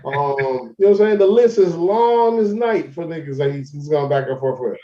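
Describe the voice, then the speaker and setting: A man's voice: fairly high pitch, lively intonation, normal speed, warm tone, far from the mic. A man co-hosting a podcast, rambling through a story in casual chat. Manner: rambling storyteller, retells online arguments. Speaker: podcast co-host. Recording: roomy, dull lo-fi podcast audio.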